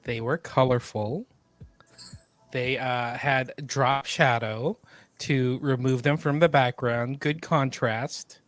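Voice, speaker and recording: A man co-hosting a casual podcast, making dry, deadpan remarks. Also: medium pitch, slow, no echo, faint music behind. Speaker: podcast co-host. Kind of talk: casual chat.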